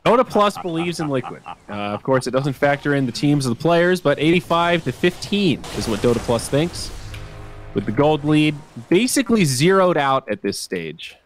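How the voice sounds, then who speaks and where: A man casting a live esports match with quick, excitable calls of the action, set a little high. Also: soft background music. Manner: excitable, rapid call of the action. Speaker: esports caster. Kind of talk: live play-by-play commentary.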